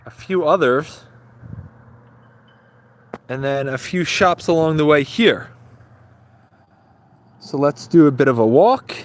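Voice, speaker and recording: A man's voice: on the high side, lively intonation. A man giving a casual, chatty livestream tour outdoors in a small seaside village, talking into a handheld phone. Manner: unhurried, chatty, trailing off between phrases. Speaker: live-streaming travel vlogger.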